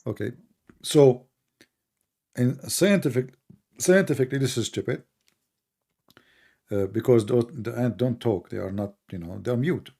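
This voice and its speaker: Gravelly, mocking man debating. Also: medium pitch, dark tone. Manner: mocking, blunt, lectures and quizzes the guest; recites Arabic verses quickly. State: tired voice from long talking. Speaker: host. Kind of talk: argumentative debate on a call.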